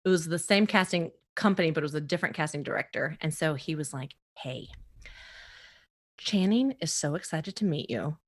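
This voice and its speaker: Lively laughing woman telling a story. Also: deep voice, fairly quick. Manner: lively, laughs often, acts out quoted voices. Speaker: comedian and show emcee, podcast guest. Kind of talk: storytelling in a casual interview.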